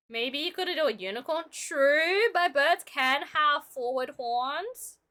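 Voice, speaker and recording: A young streamer and illustrator, drawing as she chats with viewers, speaks slowly but with hardly any pauses. Her voice sits high, expressive and sharp in tone, and her manner is playful, chatty, and aimed at her chat.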